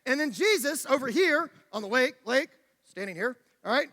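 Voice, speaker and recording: A man with a very high, bright voice delivers a lively sermon, acting out the story as he goes. The sound rings with the long reverb of a church hall. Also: normal speed. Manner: animated storytelling, acting out the scene. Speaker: preacher.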